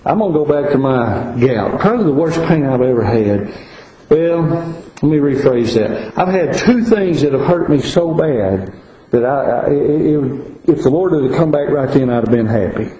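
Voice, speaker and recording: A man preaching a sermon, earnest, dropping to quiet asides and rising to stress warnings. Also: medium pitch, animated, moderate pace, roomy sound, dull audio, slight background noise.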